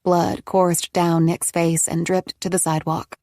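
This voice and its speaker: A woman narrating a thriller audiobook in a steady, even storytelling manner. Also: lowish voice, a little slow, no echo, studio quality. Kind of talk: scripted narration.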